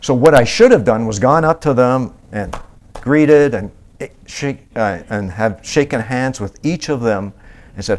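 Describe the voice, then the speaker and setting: A man's voice: mid-range voice, normal speed, darkish tone. A man giving a conversational Bible-teaching sermon in church, with many restarts and fillers. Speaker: preacher.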